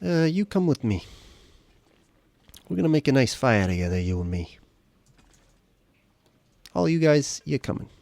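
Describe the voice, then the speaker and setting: A man's voice: mid-range voice, sing-song, unhurried, vocal fry, pauses often, a little mellow, no room sound. A man streaming a survival game live, joking and chatting casually to the characters on screen.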